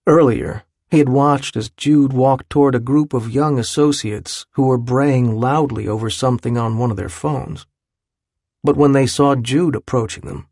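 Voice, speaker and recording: A man narrating an audiobook in a measured, even reading style. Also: mid-range voice, gravelly, no room sound, clean studio sound. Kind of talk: scripted narration.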